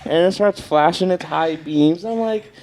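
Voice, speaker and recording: A young man, telling a story on a casual podcast, animated and swearing often. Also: fairly high pitch, measured pace, a crowd in the background. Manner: animated, swears a lot, acts out quotes loudly. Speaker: podcast co-host.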